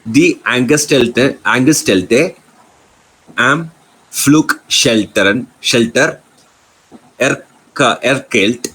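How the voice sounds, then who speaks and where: Man, student, halting reading, very slow, faint background noise. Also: mid-range voice, fairly bright tone, rough recording. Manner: halting reading with restarts, polite. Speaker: language student. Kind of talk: reading aloud in a lesson.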